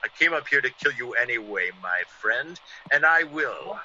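In theatrical 1940s radio acting, an actor plays a man who acts out a vengeful ex-convict, turning menacing in the scene within the scene. His mid-range voice has a sharp tone, lively intonation, and a moderate pace. The dull, lo-fi old radio recording carries a little hiss or hum.

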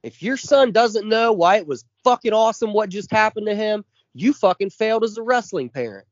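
A man's voice: high voice, lively intonation, fairly quick, dry recording, dull audio. A man in his forties co-hosting a podcast, ranting with constant swearing and heavy emphasis. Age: 40s. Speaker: podcast co-host. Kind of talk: casual chat.

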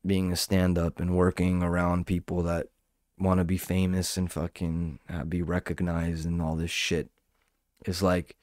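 Low-voiced, cursing comedian ranting. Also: male voice, monotone, measured pace, darkish tone, no room sound, studio quality. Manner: profane, rambling, restarts often. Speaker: stand-up comedian and podcaster. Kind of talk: casual podcast rant.

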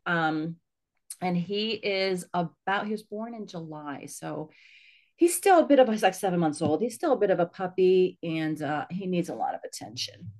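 Chatty woman author, low voice. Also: lively intonation, normal speed. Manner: chatty and warm about her pets, with laughs. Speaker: author guest. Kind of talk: casual podcast chat.

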